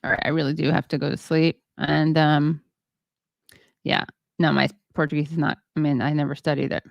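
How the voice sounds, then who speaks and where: A woman hosts a livestream and chats through viewer comments, halting and full of fillers, joking at her own expense. Her voice is low and gravelly. The sound is dry and a little dull. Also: little pitch movement, dry recording. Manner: rambling, halting, many fillers; self-deprecating, chatty. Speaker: show host. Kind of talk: casual livestream chat reading viewer comments.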